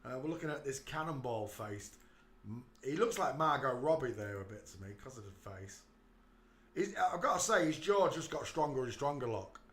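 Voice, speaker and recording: A man's voice: mid-range voice, lively intonation, normal speed, a bit bright, slight background noise. A man hosting his channel, giving mocking commentary over photos and calling out to the viewer. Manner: jeering, talks to the viewer, breaks into laughter. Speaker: channel host.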